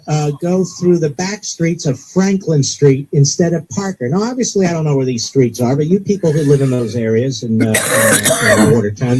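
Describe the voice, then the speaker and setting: A man on live talk radio, his voice sitting a little high as he rants. He reads out police scanner calls in an excitable manner, jabbing at the people he blames. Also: slight background noise, rough recording. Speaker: radio talk show host.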